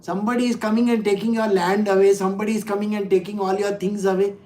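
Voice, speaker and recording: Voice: mid-range voice, fast talker, few pauses. A spiritual teacher, giving a conversational scripture talk full of stories and rhetorical questions to the listeners. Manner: laughs while telling anecdotes.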